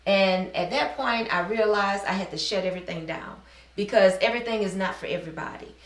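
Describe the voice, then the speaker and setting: A middle-aged business owner from New Orleans, USA, tells her personal story in an earnest, heartfelt interview. Her voice is medium-pitched and brisk, recorded from a distance in a roomy space.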